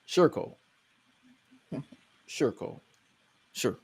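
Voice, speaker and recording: A man's voice: slow, a little mellow, no room sound. A man hosting a podcast, recapping wrestling in a casual, joking, incredulous way. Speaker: podcast host.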